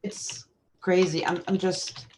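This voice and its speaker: A woman guest in a casual video chat, telling stories in an animated way, swearing freely and laughing often. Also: on the low side, takes it slowly, a little hiss or hum. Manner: laughs often while talking.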